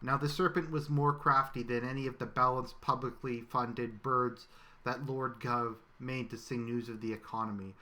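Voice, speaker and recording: A man giving a scripted satirical reading in a solemn, mock-biblical cadence with deadpan asides. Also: mid-range voice, normal speed. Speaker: satirical reader.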